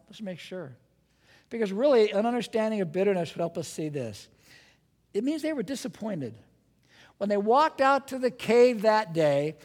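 A man preaching a sermon as a pastor, animated and dramatic, asking rhetorical questions and acting out his listeners' voices. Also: sits high, long reverb tail.

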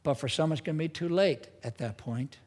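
A man's voice: on the high side, brisk, darkish tone. A man preaching a sermon as pastor, earnest and emphatic, with strong rises in his delivery. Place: church sanctuary. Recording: church hall with long reverb.

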